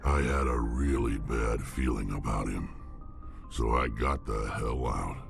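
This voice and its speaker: Wrex, a gravelly alien brute. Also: male voice, measured pace, over music, heavily acted. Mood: gruff. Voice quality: deep gravelly growl. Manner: blunt, clipped, terse sentences. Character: huge gruff alien mercenary, male, battle-hardened. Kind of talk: video game dialogue.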